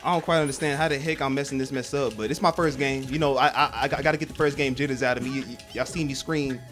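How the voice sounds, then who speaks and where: A young man streaming a game, rambling and swearing as he plays, with loud, animated reactions. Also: mid-range voice, fast, soft background music. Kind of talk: excitable gameplay commentary.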